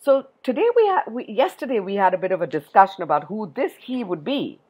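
A woman reading a poem aloud to children in an expressive way, often stopping to ask her listeners questions. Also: mid-range voice, brisk, husky, lo-fi sound. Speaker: storyteller for children.

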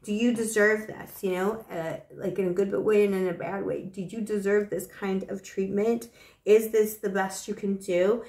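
This tarot reader talks to the camera in a relaxed, warm, chatty way, slipping in "you know" and running slightly short of breath. She has a medium-pitched, steady, somewhat mellow voice at a normal speed, recorded in a roomy-sounding space.

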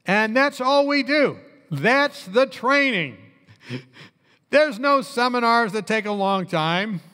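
A man preaching a sermon as a pastor, telling stories in an animated way and dropping low and quiet when he quotes people. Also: slow, smooth. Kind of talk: sermon storytelling. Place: church hall. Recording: long church reverb.

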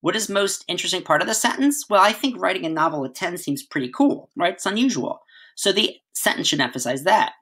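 A man's voice: high voice, expressive, a little fast, sharp tone, slightly rough. A middle-aged man giving a conversational writing lesson as a teacher, often checking in with "right?" as he explains.

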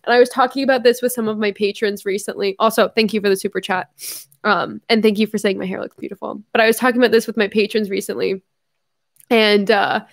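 A young woman hosting a casual livestream, emotional and tearful, swearing often as she reads viewer messages. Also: fairly high pitch.

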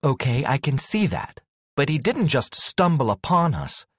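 A man's voice: sing-song, measured pace, husky, dry recording, clean studio sound. A man voicing a young woman, a witch, who talks in pleading, insistent questions in an audiobook. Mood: questioning. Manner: pleading, questioning, pitched up high.

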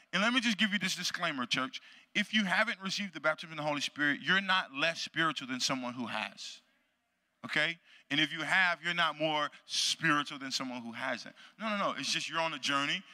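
Man in his thirties, preacher, sermon, bright tense voice, somewhat high, long church reverb. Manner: storytelling, rising to fervent exhortation. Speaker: guest preacher. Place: church sanctuary.

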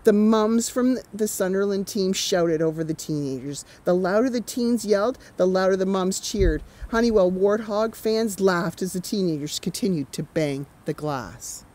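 Warm-toned storytime reader, woman, animated with chatty asides. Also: mid-range voice, normal speed, few pauses, poor audio. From Canada. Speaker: author reading her picture book. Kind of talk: children's storytime read-aloud.

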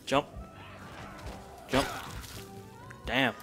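A man giving casual, goofy gameplay commentary, joking around and slipping into a silly put-on accent. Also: over music. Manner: goofy, jokey, puts on a silly accent, slow-talking. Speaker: gaming video creator.

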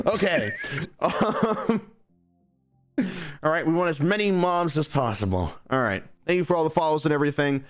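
A young male streamer with a slightly high voice, playful and rambling as he chats with friends and his viewers. Faint music sits under his voice. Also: animated, moderate pace, pauses often. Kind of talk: casual chat.

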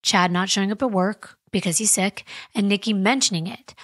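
A woman's voice: mid-range voice, steady tone, brisk, no echo. A woman hosting a true crime podcast, retelling a case in a conversational, emphatic way with wry asides. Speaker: podcast host.

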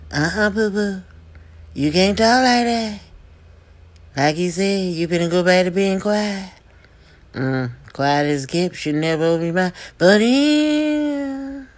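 Slow, sassy gossip host. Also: mid-range voice. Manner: sassy, drawn-out hums and mm-hmms. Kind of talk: comedic gossip commentary.

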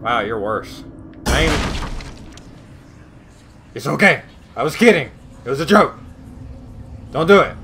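A man hosting a horror game let's play, swearing and snarking at everything on screen. He talks slowly, and his voice has a bright edge. A faint hiss sits underneath. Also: medium pitch, big pitch swings. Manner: profane, snarky reactions to the game. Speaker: gaming video host.

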